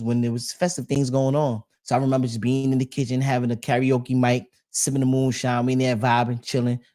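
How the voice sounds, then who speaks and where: Reading live chat on his podcast, a man talks in a loose, slangy way, full of fillers and frequently restarting his sentences. His voice sits in the middle range with a slightly mellow quality.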